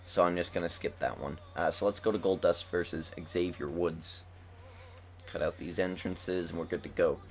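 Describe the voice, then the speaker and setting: A man's voice: deep voice, steady tone, normal speed. A young man just woken up, chatting casually and enthusiastically as he comments on a wrestling video game at home. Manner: rambling, chatty, enthusiastic fan talk. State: just woke up. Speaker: gaming commentator. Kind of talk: casual commentary over gameplay.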